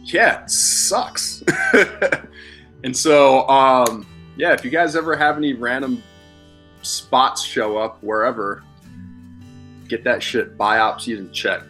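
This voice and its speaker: A man's voice: medium pitch, steady tone, unhurried, fairly bright tone, faint music behind. A man in his thirties from Philadelphia, a podcast guest in casual chat, telling rambling, candid stories and swearing freely. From Philadelphia, USA.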